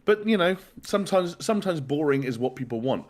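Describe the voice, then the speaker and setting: A man's voice: fairly high pitch, lively intonation, fairly quick. A man from the UK hosting a podcast in casual chat, rambling and restarting his sentences. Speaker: podcast host.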